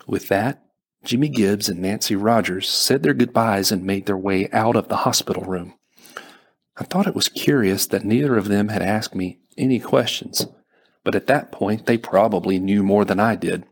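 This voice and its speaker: A man reads a first-person audiobook in a low, slightly husky voice. His storytelling stays steady and even, carrying the listener through the scene. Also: moderate pace. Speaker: audiobook narrator.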